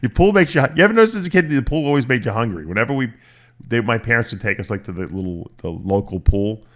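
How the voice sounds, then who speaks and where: A middle-aged man hosting a casual podcast chat, telling lively stories, cursing and acting out the voices of people he quotes. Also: medium pitch, fast. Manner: animated storytelling, swearing, acting out quoted voices. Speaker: podcast host.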